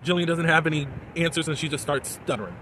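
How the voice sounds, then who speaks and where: A man casually recapping a TV episode in a chatty, chuckling way, softening the swear words as he goes. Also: fairly high pitch, fast talker, a little hiss or hum, rough recording. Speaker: TV episode reviewer.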